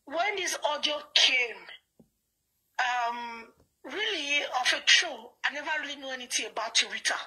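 A woman's voice: high voice, expressive, moderate pace, bright, forceful tone, rough recording. A young woman with a Nigerian Pidgin accent, calling in angrily and insisting she does not back down. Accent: Nigerian Pidgin English. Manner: angry, defiant, insistent. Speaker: caller. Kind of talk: heated phone call on a live video.

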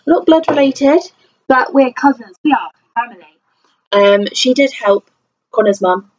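A woman's voice: high voice, lively intonation, measured pace, a little mellow, muffled recording. A tired young woman from England chatting to camera in a rambling, self-deprecating vlog. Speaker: vlogger. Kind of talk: casual chat to camera.

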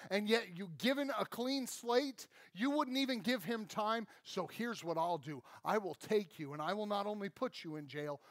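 A man playing a stern king passing judgment in a parable, speaking low and hushed. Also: dry recording. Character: stern powerful male king, judging debtors.

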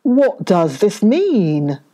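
A woman's voice: medium pitch, very animated, drawn-out words, warm tone, full character voice. A woman voicing a weak but fierce male lion who growls and blusters in a storybook tale. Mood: demanding.

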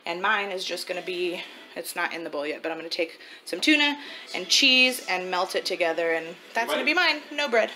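Woman, 20s, bright tone, animated home vlogger. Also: fairly low pitch, a little fast, poor audio. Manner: chatty, animated talk to a toddler. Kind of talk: casual family vlog.

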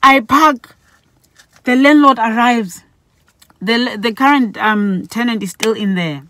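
A middle-aged woman from Botswana telling a personal story in a vlog, animated and acting out the people she quotes. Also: a little high, slow, no room sound. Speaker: vlogger.

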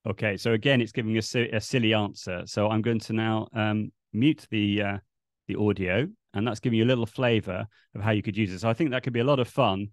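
A man presenting a live online teaching webinar, relaxed and explanatory as he demonstrates on screen, speaking into a desk mic on a video call. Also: on the low side, brisk, dry recording, clean studio sound.

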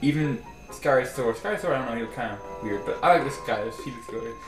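A man's voice: medium pitch, fast talker, over music. A young man chatting casually while playing a video game, rambling and correcting himself as he goes. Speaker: let's play gamer. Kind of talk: casual gameplay commentary. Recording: roomy echo.

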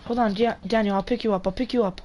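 A teenage boy chatting while playing an online game with friends, excitable, quick to laugh and repeating himself. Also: high-pitched, a little hiss or hum. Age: teens. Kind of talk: casual gaming chat.

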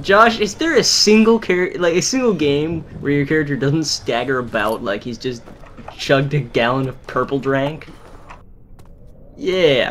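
A man's voice: on the high side, measured pace, a bit bright, slight background noise. A man co-hosting a game commentary show, firing off wisecracks and jokes. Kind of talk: casual group commentary.

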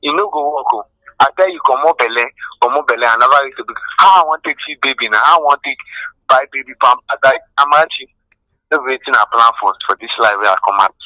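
A man's voice: mid-range voice, pushed and bright, no echo, poor audio. A man playing a dismissive young man who denies fatherhood, talking bluntly in Nigerian Pidgin. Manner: blunt, rapid, brushing off.

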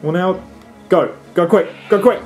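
A young man giving animated, swear-filled let's-play commentary, often squealing and shouting at the game. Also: high-pitched, measured pace, faint music behind. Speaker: gaming let's-play host.

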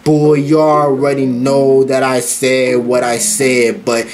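A man giving loud, profane commentary on a horror game, yelping at scares and talking back to the characters. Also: mid-range voice, slow pace, music in the background. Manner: excitable, profane, yelps at jump scares. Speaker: gaming YouTuber.

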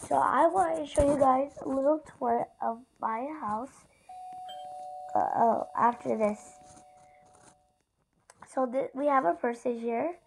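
A woman's voice: sits high, takes it slowly, creaky, pauses often, slight background noise, poor audio. A female YouTuber chatting casually to viewers while narrating her gameplay in a rambling way. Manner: chatty and rambling, often addresses viewers directly. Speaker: gaming YouTuber.

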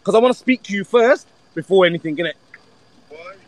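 A man's voice: high-pitched, lively intonation, fairly quick, poor audio. A man on a street livestream, urgently bossing his friends around outdoors by a car. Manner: pushy, urgent, talks over others. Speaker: livestreamer organizing a street fight.

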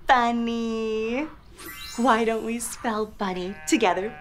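A young woman hosting a children's show, teaching toddlers in an animated, exaggerated, sing-song way. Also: a little high, takes it slowly, over music.

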